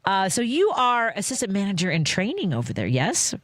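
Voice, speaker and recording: A woman hosting a radio talk show from the Chicago area, chatty and self-deprecating with quick asides. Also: mid-range voice, huge pitch swings, fairly bright tone, no room sound. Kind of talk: casual radio chat.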